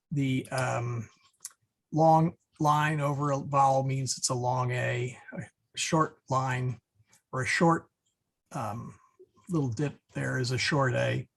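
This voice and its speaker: Husky man teaching an online class. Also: mid-range voice. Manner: relaxed, many fillers and restarts.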